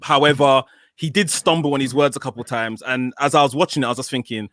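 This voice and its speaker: A man giving measured, opinionated takes in a casual wrestling podcast. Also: mid-range voice, fairly even intonation, a bit bright, no room sound, clean studio sound. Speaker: podcast co-host.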